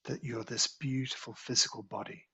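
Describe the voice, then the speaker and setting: A man teaching a qigong healing class, guiding a slow, soothing meditation with repetitive phrasing. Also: medium pitch, fairly even intonation, sharp tone, slightly rough, muffled recording.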